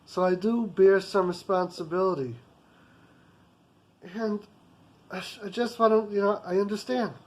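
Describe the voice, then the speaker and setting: A man playing a gentle, patient rabbi. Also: high-pitched, unhurried, pauses often. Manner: soft, calm, forgiving.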